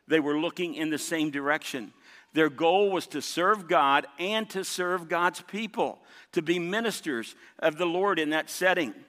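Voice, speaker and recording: Forceful preacher in an echoing church. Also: male voice, a little high. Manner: emphatic, repeats key points, calls on the congregation. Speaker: pastor. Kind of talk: sermon. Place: large church sanctuary. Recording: long reverb of a big hall.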